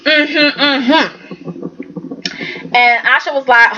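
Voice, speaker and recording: A woman's voice: high voice, expressive, unhurried, bright, forceful tone. A woman recapping a soap opera in a sassy, chatty vlog, talking straight to the characters. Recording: slightly dull lo-fi recording.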